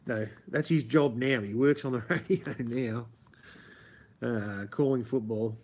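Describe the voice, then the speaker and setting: A man's voice: medium pitch, measured pace, darkish tone, breathy edge. A man with a broad Australian accent, chatting and rambling casually as a stream host, swearing freely and calling everyone mate. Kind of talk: casual chat.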